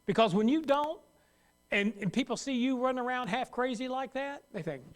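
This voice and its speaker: A man's voice: very high voice, animated, normal speed. A man preaching a sermon as pastor, talking conversationally and acting out worried voices. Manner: conversational, acts out worried voices, laughs at own jokes.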